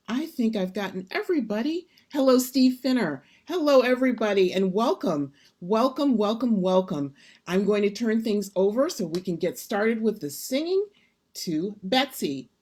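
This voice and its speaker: A woman hosting an online sing-along, cheerfully greeting a long list of viewers by name. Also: mid-range voice. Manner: cheerful, rattling off names. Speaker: host.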